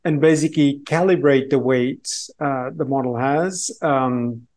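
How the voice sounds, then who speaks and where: A man's voice: mid-range voice, a little slow, darkish tone. Man explaining carefully. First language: Portuguese. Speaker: guest expert. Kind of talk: podcast interview.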